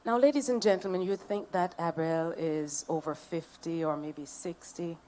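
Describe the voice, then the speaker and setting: A woman's voice: on the low side, normal speed, mellow, a little hiss or hum. A woman with a Jamaican accent, serving as master of ceremonies at a public event. She speaks into a podium microphone, reading out dignitaries and bantering playfully with the audience. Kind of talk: ceremonial emcee address.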